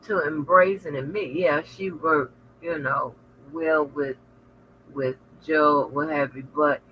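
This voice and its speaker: Deep-voiced and slow, with fairly even intonation, a woman vlogger tells her viewers stories in a loose, candid, and profane way. It's a casual chat, captured in a lo-fi recording with faint noise.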